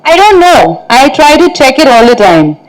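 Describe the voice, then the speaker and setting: An actress fields reporters' questions, telling stories in a loose, chatty flow full of "like" and "you know." Her voice sits a little higher than most women's, and she laughs easily as the anecdotes get funnier. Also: big pitch swings, normal speed, poor audio. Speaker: actress answering press questions. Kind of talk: press conference answers.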